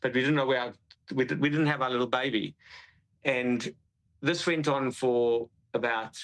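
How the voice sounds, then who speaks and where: Shaken man giving a halting account. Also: medium pitch, fairly even intonation, fairly bright tone, low-quality recording. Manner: halting, repeats himself, shaken. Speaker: witness describing an attack. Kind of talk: interview account.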